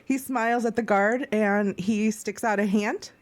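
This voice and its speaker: Woman game master, laughing narration, slow pace, lots of ums. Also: medium pitch, steady tone. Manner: laughing, full of ums and likes.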